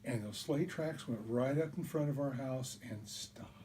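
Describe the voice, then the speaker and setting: A man telling a childhood story in an animated way, acting out the voices, recorded on a distant mic with faint hiss. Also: medium pitch, measured pace. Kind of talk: told personal story.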